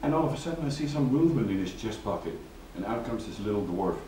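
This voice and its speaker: A man telling a joke as a lively story, raising his voice for quoted lines. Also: fairly low pitch, fast, recorded from a distance, a little hiss or hum. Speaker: joke teller. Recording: roomy, from off mic, faint ambience.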